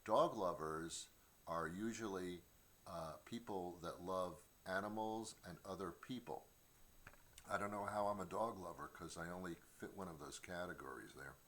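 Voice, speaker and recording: Deep-voiced man rambling through stand-up. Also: normal speed, fairly bright tone, a little hiss or hum. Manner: rambling, stammering restarts, mock voices. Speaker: comedian host. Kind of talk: stand-up comedy monologue. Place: home studio.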